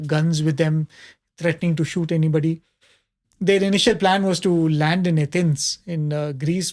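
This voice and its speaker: Man retelling a story, many fillers. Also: a little high. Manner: conversational retelling with frequent fillers and soft laughs. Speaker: panelist. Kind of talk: spiritual storytelling in a panel discussion.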